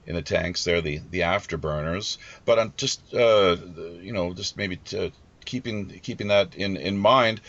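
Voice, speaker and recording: A man with a lowish voice hosts a live podcast. He talks haltingly and often stops to restart his sentences. His audio is dull and lo-fi. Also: a bit bright. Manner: halting, many fillers and restarts. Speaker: podcast host.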